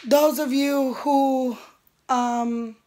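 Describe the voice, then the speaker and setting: A woman spell caster talking casually to her clients in a vlog, tired and apologetic with a worn-out voice. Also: sits high. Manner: weary and apologetic, drawn-out.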